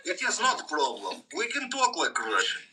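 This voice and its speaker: A man's voice: sits high, wildly swooping pitch, moderate pace, bright, forceful tone, far from the mic, voice pushed up, full character voice. A man putting on a thick mock Russian accent as a jovial comrade.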